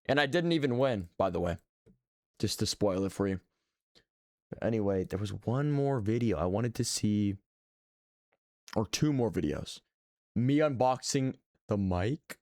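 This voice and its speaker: A man's voice: lowish voice, animated, unhurried, pauses often, darkish tone, dry recording, studio quality. Joking, sarcastic man streamer. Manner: joking, sarcastic, self-mocking. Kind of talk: casual live-stream reaction commentary.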